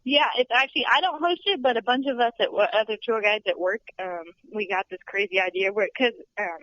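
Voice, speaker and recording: A woman's voice: on the high side, fairly quick, a bit bright, no echo. A young woman working as a studio tour guide, chatting in a podcast interview in a bubbly way and laughing often. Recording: dull lo-fi podcast audio.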